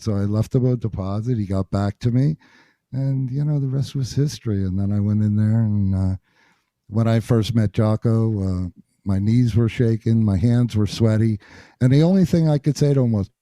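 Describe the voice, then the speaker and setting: A man from New Jersey, a bassist and interview guest, telling stories in an animated way and acting out what people said. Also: moderate pace, dry recording, studio quality. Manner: animated storyteller acting out quotes. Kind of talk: storytelling interview.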